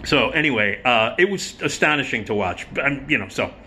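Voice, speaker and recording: A middle-aged man telling a theater anecdote in a casual, profane, animated style. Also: mid-range voice, fairly quick, a little hiss or hum. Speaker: vlogger and storyteller.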